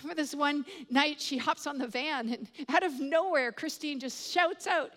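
High-voiced woman preaching in a hall. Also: moderate pace, few pauses. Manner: animated storyteller acting out dialogue. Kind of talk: sermon storytelling. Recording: long hall reverb.

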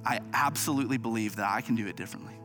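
A man's voice: medium pitch, racing, music in the background. A man, an associate campus pastor, giving a sermon in an earnest, humble way with frequent small restarts.

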